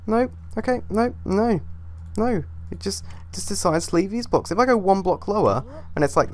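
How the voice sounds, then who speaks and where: A man's voice: high voice, expressive, moderate pace, a little mellow, a little hiss or hum. A young man giving casual gameplay commentary as he builds, muttering to himself, swearing and getting easily frustrated. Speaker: gaming YouTuber.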